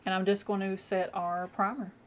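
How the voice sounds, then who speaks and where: A woman's voice: mid-range voice, level tone, moderate pace, a little hiss or hum. Chatty young woman doing her makeup. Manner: chatty, rambling, with many fillers. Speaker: makeup vlogger. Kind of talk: casual get-ready-with-me chat.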